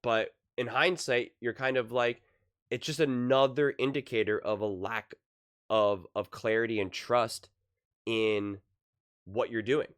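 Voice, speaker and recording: A man's voice: fairly even intonation, a little slow, smooth. A man giving casual solo sports commentary, rambling with many restarts and growing more heated as he goes. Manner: rambling, many restarts, grows louder and higher when heated.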